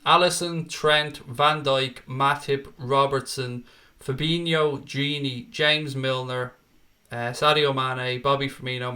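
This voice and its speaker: A young man hosts a football fan stream in a bright, forceful voice. He reads viewer comments aloud in an easy, chatty way and calls everyone mate or pal. His casual, informal delivery sounds like a live stream. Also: fairly high pitch.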